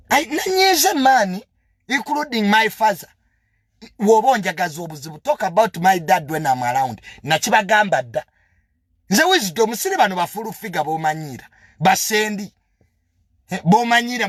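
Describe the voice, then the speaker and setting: A young Ugandan man rants defiantly, his high voice leaping up and down with indignation. He sounds bright and sharp, switching languages mid-sentence, recorded close and dry with no room sound. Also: no room sound. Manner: mixes two languages. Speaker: media personality. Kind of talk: heated monologue.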